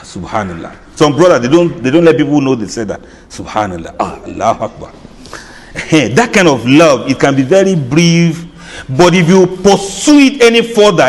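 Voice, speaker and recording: Male lecturer, high-ish voice, jokey and chatty, long hall reverb. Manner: humorous, chatty asides, laughs at own jokes. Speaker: Islamic lecturer. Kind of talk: lecture to an audience.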